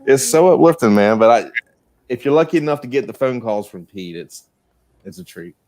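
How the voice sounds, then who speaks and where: A man with a Southern American accent, chatting as a guest on a video call in a slow, easy drawl and laughing often. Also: mid-range voice, big pitch swings, darkish tone, a little hiss or hum. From United States. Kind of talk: casual chat.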